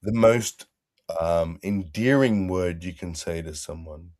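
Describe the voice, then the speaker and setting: An Australian man with a lowish voice talks in a blunt, profane, joking way. The sound is dry and close, like a video call. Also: slow, darkish tone, dry recording. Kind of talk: casual chat.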